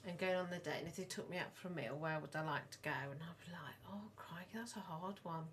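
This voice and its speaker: A middle-aged woman, co-hosting a casual podcast and telling long, animated stories. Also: low voice, quick pace, a little hiss or hum. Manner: rambling, animated storyteller. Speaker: podcast co-host, mother of the other host. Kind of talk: casual chat.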